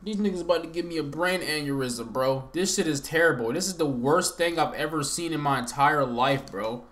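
A man's voice: fairly high pitch, normal speed, fairly bright tone. A young man giving a casual, profane reaction commentary on a football game, with slangy outbursts of disbelief. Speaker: sports reaction host.

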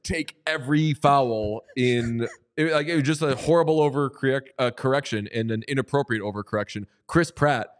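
Playful man, smooth voice. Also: mid-range voice, normal speed, few pauses. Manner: playful, jokey, animated ad reading. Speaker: podcast co-host. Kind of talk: casual chat with ad read.

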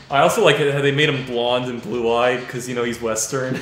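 A man chats casually while he plays a game, reading its dialogue aloud and laughing often. His voice sits at a middle pitch. It echoes heavily around the room, with faint music underneath. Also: steady tone, normal speed, few pauses, a bit bright. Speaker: let's play gamer. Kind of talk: casual gameplay commentary.

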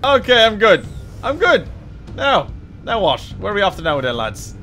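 High-voiced, excitable gaming host. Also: male voice, normal speed, faint music behind. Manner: excitable, swearing, laughing, addressing viewers as lads. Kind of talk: live gameplay commentary.

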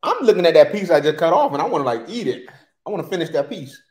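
A man's voice: on the high side, quick pace. Guy hyped about his ribs, talking to the chat, big echo in the kitchen. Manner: animated, exclaims often, talks to viewers as y'all. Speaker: livestream co-host cooking ribs. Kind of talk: casual livestream chat. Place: home kitchen.

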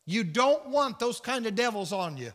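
Speaking at normal speed with an extremely high, fairly bright voice and big pitch swings, a Southern US man teaches the Bible sermon-style. He preaches earnestly and tells stories, voicing the characters, and the recording has church hall reverb.

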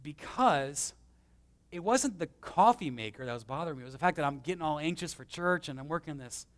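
A man preaching a conversational sermon as pastor, swinging between emphatic and hushed, with self-deprecating stories. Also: fairly high pitch, animated, a little fast. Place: church.

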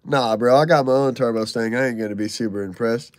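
A man's voice: medium pitch, fast talker, no echo, clean studio sound. A man in his thirties hosting a casual livestream, reading viewer comments and telling stories in loose, jokey slang. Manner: loose, slangy, jokey, excitable over donations. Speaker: livestream host.

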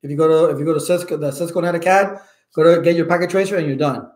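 Loud, emphatic man with a fairly high voice. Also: fairly even intonation, fast, echoey room. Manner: loud and emphatic, keeps asking "okay?". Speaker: IT certification instructor. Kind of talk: casual advice to viewers.

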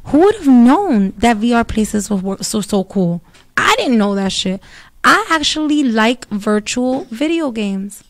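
A woman rants in a casual monologue, swearing freely and getting animated. Her voice sits a little high, and the sound is dry and close to the mic. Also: measured pace, no echo. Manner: profane, animated ranting. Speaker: host.

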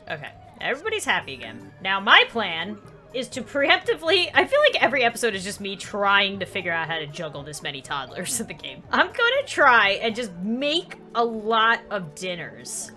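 A woman hosting a let's play, commenting excitably with lots of exclamations and laughter. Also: medium pitch. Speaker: gaming channel host.

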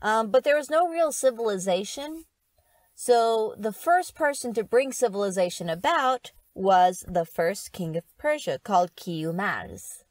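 A woman's voice: mid-range voice, lively intonation, a little slow, no echo. A woman hosting a casual podcast, explaining with frequent laughs. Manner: explaining, giggly. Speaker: podcast host. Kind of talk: casual chat.

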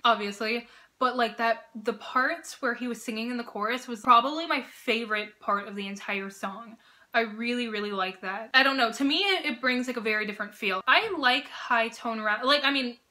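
A woman hosting a reaction video, gushing and swearing with bursts of loud exclamations. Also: a little high. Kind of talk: excited reaction commentary. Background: music video playing.

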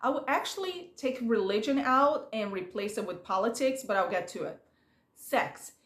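A chatty woman with a fairly high voice talks straight to her viewers in a gossipy, casual way. She jumps into quick impressions of other people. The room around her rings with echo. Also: lively intonation, fairly bright tone. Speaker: recap vlogger. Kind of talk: casual chat.

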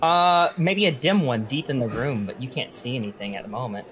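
A man narrating a tabletop game as game master, pausing often with ums as he describes scenes. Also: mid-range voice, low-quality recording. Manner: hesitant, filler-heavy narration with lively swings.

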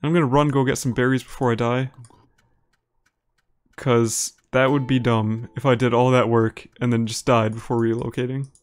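A man's voice: mid-range voice, moderate pace. Chatty Upper Midwest American man streaming. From Minnesota, United States. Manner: relaxed and chatty, laughs easily, talks to viewers by name. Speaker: live streamer. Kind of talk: live gameplay commentary, reading chat aloud.

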